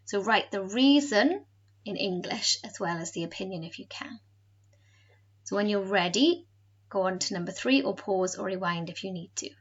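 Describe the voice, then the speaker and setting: A woman teacher explaining a language lesson in a clear, patient way. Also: medium pitch, lively intonation, moderate pace, dull audio. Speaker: French teacher. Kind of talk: recorded home lesson.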